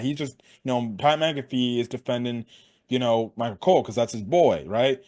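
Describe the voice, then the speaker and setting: A young man giving a casual, excitable wrestling recap, full of slang and constant swearing. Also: medium pitch, brisk. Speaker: wrestling show reviewer.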